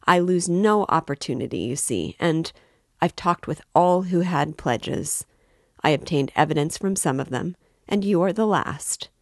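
A woman's voice: lowish voice, expressive, a little slow, a little mellow, no room sound, clean studio sound, voice pushed up. A woman reading an audiobook voices an affable, prying older male magistrate who talks with excessive politeness. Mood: amiable probing. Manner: overly polite, familiar, insinuating.

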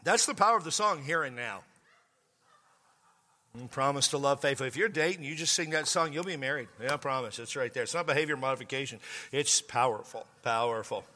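High, bright-voiced pastor telling jokes. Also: male voice, quick pace, in a large hall. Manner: joking, exaggerated, bursts into shouts. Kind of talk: humorous sermon storytelling.

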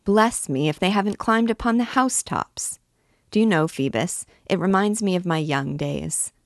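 A talkative old noblewoman, read aloud by a woman, rambles on fondly about times past. The voice is low and even, in a dry, close recording. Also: moderate pace, no room sound, close to an everyday voice. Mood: reminiscing. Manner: rambling, reminiscing. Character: chatty, nostalgic old noble mother.

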